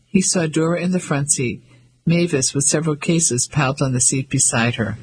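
A man reading a novel aloud in steady scripted narration. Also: fairly high pitch, moderate pace, breathy edge, rough recording. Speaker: audiobook narrator.

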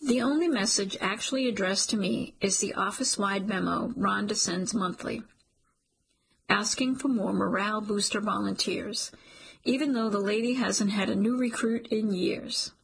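Husky, gravelly woman narrating wryly. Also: mid-range voice, normal speed, low-quality recording. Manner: dry, wry storytelling with quiet whispered asides. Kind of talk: first-person audiobook narration.

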